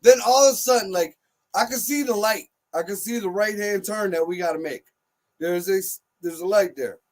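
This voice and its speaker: A man telling a profane comic story on a talk show, loud and animated, acting out what others said. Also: high-pitched, normal speed. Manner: animated, loud, swears heavily, acts out quotes.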